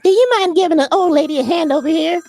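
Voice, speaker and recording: A man's voice: extremely high pitch, quick pace, gravelly, a little mellow, no echo, clean studio sound, voice pushed up. A man voicing a chatty old lady who asks for a hand. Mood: coaxing.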